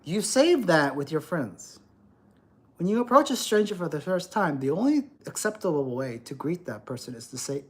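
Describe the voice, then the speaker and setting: Animated, ranting middle-aged man. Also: high voice, moderate pace, husky. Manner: ranting, profane, lecturing. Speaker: livestream host. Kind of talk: livestream rant.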